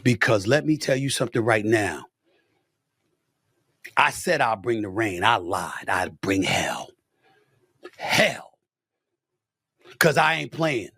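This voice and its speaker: A man ranting as a talk-show host, loud and emphatic, repeating himself for force. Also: mid-range voice, expressive, slow, long pauses, husky, no room sound, studio quality. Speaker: sports commentator and show host. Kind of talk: heated talk-show rant.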